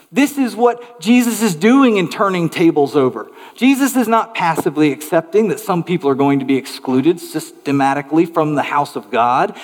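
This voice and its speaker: A pastor preaching an earnest sermon, building emphatic rhetorical questions. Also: male voice, high-pitched, long reverb tail.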